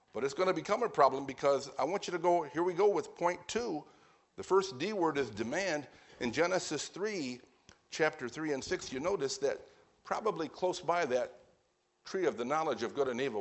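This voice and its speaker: A man preaching a sermon at a brisk pace, stressing his points and repeating them. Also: fairly high pitch, lively intonation.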